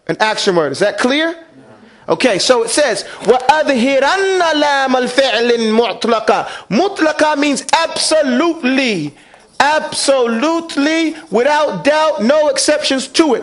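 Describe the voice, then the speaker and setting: A man with a very high-pitched, slightly bright voice teaches a class Quran recitation. He quizzes the students and has them repeat lines back to him.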